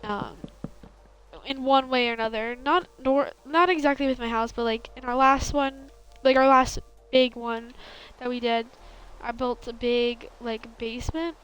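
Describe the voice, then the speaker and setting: A young woman with a fairly high, clear, resonant voice and a fairly bright tone chats at an unhurried, steady pace while streaming a building game, with the highs cut off in the audio. Her valley girl lilt carries rambling, filler-heavy talk that keeps correcting itself.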